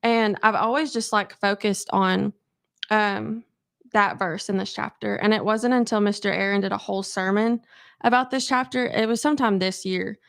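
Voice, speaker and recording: A woman's voice: medium pitch, fairly even intonation, moderate pace, vocal fry, no room sound, studio quality. A woman guest at a church Bible study, reading scripture and then sharing in a rambling way, full of "like.". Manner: rambling, heavy use of "like". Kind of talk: casual personal sharing.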